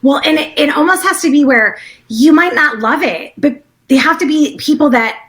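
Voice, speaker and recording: A woman with a fairly high voice, a business coach guesting on a podcast. She talks in an excitable, tumbling way, stringing thoughts together with filler words. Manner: excitable and fast-flowing, full of "like" fillers. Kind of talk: casual interview chat.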